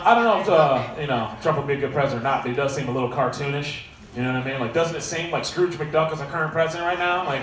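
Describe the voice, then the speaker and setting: A man in his thirties doing a stand-up set and emceeing in a comedy club, talking in a sarcastic, punchy, conversational way into a stage mic. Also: medium pitch. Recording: echoey club from far off, crowd noise.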